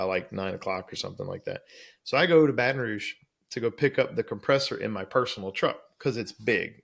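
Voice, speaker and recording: Gravelly man telling a story. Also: on the low side. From Louisiana, USA. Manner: lively storyteller acting out quoted dialogue. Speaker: guest. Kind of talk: storytelling in a podcast interview.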